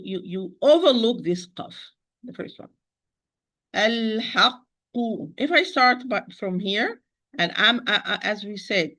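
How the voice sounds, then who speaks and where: A woman teaching Quran recitation in an online lesson, patiently repeating words slowly to demonstrate pronunciation. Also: mid-range voice, a bit bright, rough recording. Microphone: computer, teaching over a shared screen.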